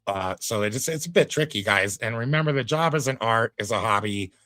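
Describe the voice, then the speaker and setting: A man's voice: mid-range voice, expressive, a little fast, pushed and bright, no room sound. A man giving casual live commentary as a reaction streamer, laid-back and folksy, with drawling asides to his chat.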